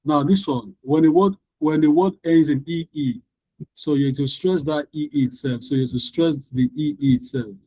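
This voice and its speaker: Patient male English tutor, warm dry voice. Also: on the high side, moderate pace, husky, no echo, rough recording. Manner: patient, repeats each rule for the class. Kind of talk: online class teaching.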